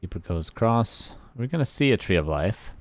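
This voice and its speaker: Lively playful male game caster. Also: on the low side, normal speed, dry recording. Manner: playful, chatty, joking asides. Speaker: esports caster. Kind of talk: live game commentary. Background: faint game music.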